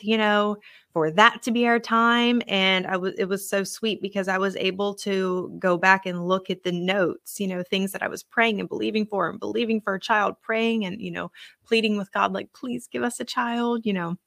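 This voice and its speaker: A woman's voice: mid-range voice, steady tone, moderate pace, fairly bright tone, no room sound, studio quality. Earnest young woman sharing a testimony. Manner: earnest, conversational, many fillers. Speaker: podcast host. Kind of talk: personal faith testimony storytelling.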